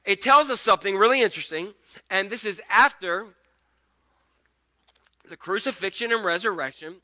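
A male pastor giving a conversational, animated sermon, acting out the scripture scenes as he goes. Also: high-pitched, normal speed.

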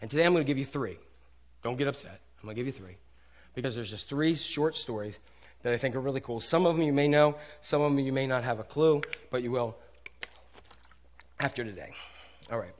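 A middle-aged man preaching a sermon as pastor in a casual, animated way, swinging from loud exclamations to soft asides. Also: medium pitch, a little fast, long pauses.

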